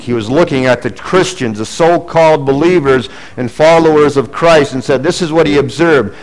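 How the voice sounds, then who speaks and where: A middle-aged man preaching a sermon as pastor, earnest, rising for emphasis and dropping low and quiet for asides. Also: moderate pace, rough recording.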